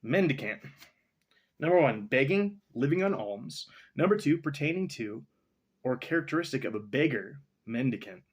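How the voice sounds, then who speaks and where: A young man with a husky voice and very lively, up-and-down pitch, reading a story aloud in a loose, casual way. He breaks off often for asides and to look up words. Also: normal speed. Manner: rambling, stops for asides and dictionary look-ups.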